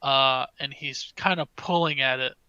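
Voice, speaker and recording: A man's voice: medium pitch, fairly even intonation, normal speed, sharp tone, clean tone, dry recording, dull audio. A man narrating a tabletop game as game master, hesitant with many fillers.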